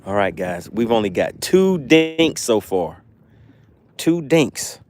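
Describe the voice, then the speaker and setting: A man's voice: lowish voice, sing-song, measured pace, a little mellow. Easygoing Southern man on a fishing livestream. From Southern US, Georgia. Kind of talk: casual live-stream chat, reading comments. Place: outdoors by the water.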